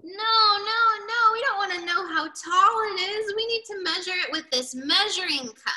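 A woman voicing a bright, eager rooster cook. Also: high voice, very animated, unhurried, heavily acted. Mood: exasperated. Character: eager, boastful young male rooster cook. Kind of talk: storybook read-aloud.

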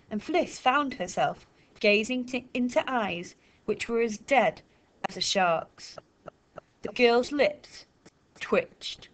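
A woman reading a children's novel aloud in a slow, deliberate storytelling way. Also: medium pitch. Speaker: reader.

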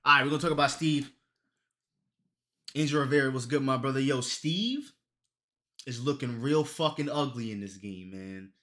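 Bright-voiced, profane man streaming live. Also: normal speed, pauses often. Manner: profane, loose and joking; bursts into loud, high-pitched outbursts. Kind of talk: casual live-stream chat.

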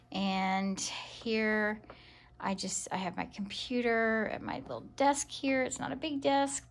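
A woman giving a casual tour of her home in a vlog, talking gently with many ums and pauses. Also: fairly high pitch, vocal fry. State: emotional. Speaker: vlogger. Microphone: handheld camera walked around.

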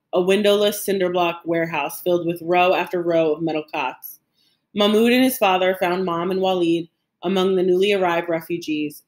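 A woman reading a novel aloud as an audiobook narrator, measured and expressive. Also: lowish voice. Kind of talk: scripted narration.

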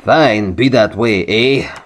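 A man's voice: fairly low pitch, slow pace. A man voicing a haggling male alien with a Canadian-style lilt, hesitant and drawn out. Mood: miffed.

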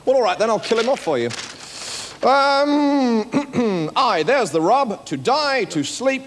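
An actor playing a temperamental, indignant playwright who talks in a huffy, exasperated way in a live comedy sketch. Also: male voice, very high-pitched, lively intonation, slow, exaggerated voice. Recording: live stage audio with hall reverb.

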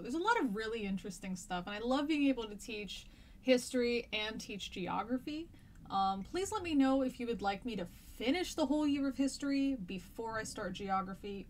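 A woman teaches history in a loose, chatty live stream, rambling through fillers and restarts. Her voice sits at an ordinary middle pitch. A faint hiss runs behind her. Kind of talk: casual live-stream lesson chat.

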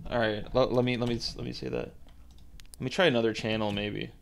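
A man's voice: medium pitch, level tone, brisk, vocal fry, a little hiss or hum. A man streaming a survival game, rambling casually, swearing and restarting his sentences. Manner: rambling, profane, self-interrupting. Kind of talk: casual gaming commentary.

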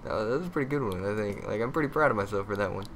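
Bright-voiced man muttering over gameplay. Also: fairly low pitch, expressive, rapid-fire, a little hiss or hum. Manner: muttering, easily frustrated, yelps and curses at the game; crude joking. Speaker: gameplay commentator. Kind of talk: casual game commentary.

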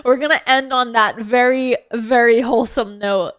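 A woman's voice: on the high side, a little slow, fairly bright tone, clean tone. A woman streaming a game who is crying and laughing, gushing and breathless with emotion. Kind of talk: livestream commentary.

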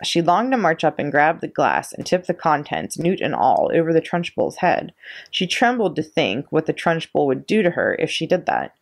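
Low-voiced woman reading a story. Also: moderate pace, vocal fry. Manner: expressive, steady storytelling. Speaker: children's librarian. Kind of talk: storybook read-aloud.

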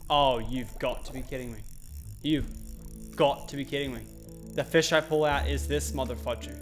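A young man with an Australian accent giving excitable let's-play commentary, shouting and groaning at the game and talking to himself. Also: medium pitch, normal speed, soft background music. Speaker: gaming channel host.

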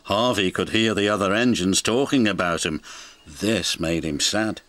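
A man's voice: low voice, normal speed, no echo. A man narrating a children's story in a scripted, storytelling way. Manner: warm storybook telling, lively and expressive. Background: background music.

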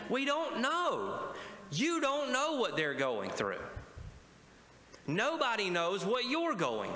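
Bright-voiced pastor preaching in echoey hall. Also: male voice, sits high, a little hiss or hum. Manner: preaching with call-and-response asides. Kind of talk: sermon. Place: church sanctuary. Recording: echoey church hall with faint ambience.

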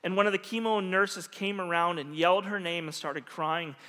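A middle-aged man preaching a sermon, telling a story earnestly with quiet pauses and soft, lowered endings. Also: steady tone. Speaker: pastor. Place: church hall. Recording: long reverb of a large hall.

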